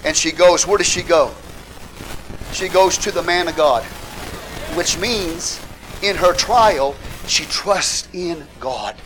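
Man, preacher, sermon, fervent, calls out hallelujah, high-pitched voice. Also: slow pace, low-quality recording. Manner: fervent preaching, rising to shouts; calls out hallelujah, asks the congregation questions.

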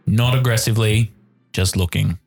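Low-voiced male game master. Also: steady tone, gravelly, darkish tone, soft background music. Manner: descriptive, deliberate. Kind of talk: narrating a tabletop game.

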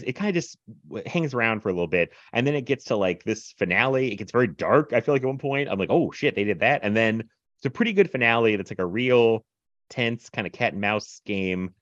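Guy rambling about a movie on a podcast, animated, lots of likes and laughs, kinda muffled dry sound. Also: medium pitch, dry recording. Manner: animated, filler-heavy retelling with laughs and mimicry. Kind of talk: casual film review chat.

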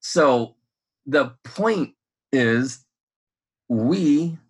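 A man in casual conversation, talking in a rambling, animated way with lots of fillers, restarts and laughs. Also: medium pitch, extremely slow, slightly rough. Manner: laughs often while talking. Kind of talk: casual chat.

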